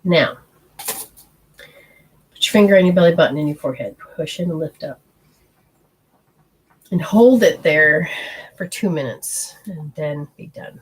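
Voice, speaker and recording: A woman's voice: low-pitched, unhurried, long pauses, slight background noise, rough recording. A woman hosting a live energy-healing show, chatting and reading viewer comments aloud. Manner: chatty, meandering, gives hands-on instructions.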